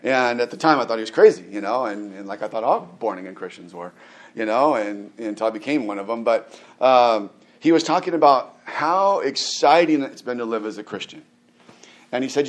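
A man's voice: fairly low pitch, lively intonation, brisk. A man in his forties preaching a sermon in a casual, conversational way, with frequent fillers and restarts and emphatic rises. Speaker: pastor.

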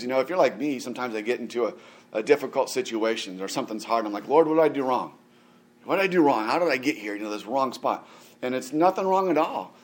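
A man as a pastor, giving a conversational sermon full of chatty asides, rhetorical questions and small laughs. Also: mid-range voice.

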